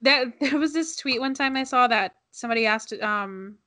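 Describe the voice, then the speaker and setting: A young woman co-hosts a podcast in casual, rambling chat. Her voice sits fairly high and sounds bright and forward. She laughs often and restarts her sentences. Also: moderate pace. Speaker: podcast co-host.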